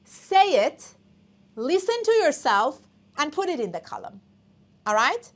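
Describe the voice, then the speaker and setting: High, lively woman teaching English. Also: measured pace. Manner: emphatic, repeats and drills words aloud. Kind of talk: live exam-prep class teaching.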